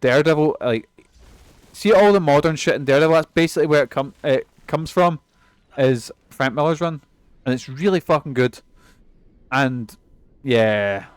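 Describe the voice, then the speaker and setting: Sweary streamer. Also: male voice, fairly high pitch, expressive, normal speed, long pauses, clean tone, no room sound. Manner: rambling and sweary, laughs often. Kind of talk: casual gameplay commentary.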